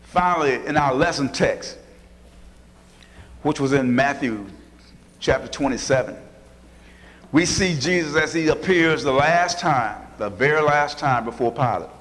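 A man's voice: fairly high pitch, a little slow, long pauses, fairly bright tone. A man preaching a sermon, telling Bible stories in a folksy way and acting out the people in them with different voices. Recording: long hall reverb.

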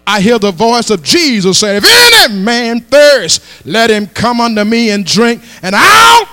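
A man preaching a sermon as pastor, rising into shouted and half-sung call-and-response lines, recorded in a church with a mains hum. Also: very high-pitched, huge pitch swings, measured pace, no room sound. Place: church sanctuary.

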